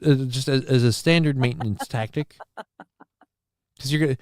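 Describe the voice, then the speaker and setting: A man's voice: medium pitch, fast, no room sound, studio quality. A man co-hosting a casual live show, reading out chat comments and riffing on them in a jokey, rambling way. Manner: jokey, riffs loudly on viewer comments, rambling. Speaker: livestream co-host.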